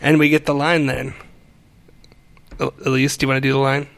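A man with a gravelly, creaky voice at an average pitch chats casually about a movie with his podcast co-hosts. He rambles and restarts his sentences while dropping wry jokes along the way. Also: flat delivery, a little fast, a bit bright. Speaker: podcast co-host.

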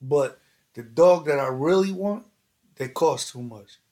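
Animated New man telling a story. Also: fairly high pitch, a little slow. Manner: animated, slangy and profane, acts out other people's lines. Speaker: podcast host telling stories. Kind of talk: casual storytelling chat.

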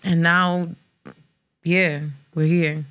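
A woman's voice: on the low side, flat delivery, extremely slow, a bit bright. A woman guest on a casual girl-talk podcast, blunt and emphatic, swearing heavily.

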